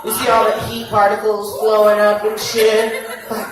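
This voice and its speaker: A woman's voice: mid-range voice, completely flat delivery, moderate pace, a crowd in the background. A woman doing a crude, brash stand-up comedy set on a club stage, speaking with a handheld mic. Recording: echoey club from far off, noisy. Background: audience laughter.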